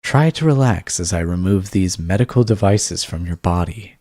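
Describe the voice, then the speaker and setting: A man's voice: sits low, animated, moderate pace, mellow, dry recording, clean studio sound. Man reading as a doting, possessive wife. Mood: sweetly possessive. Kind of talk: reading a text game aloud.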